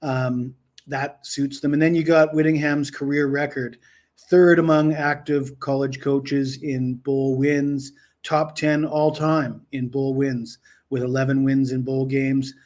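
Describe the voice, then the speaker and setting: A man breaking down a college football betting pick in a methodical, steady way on a sports betting podcast. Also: mid-range voice, a little slow.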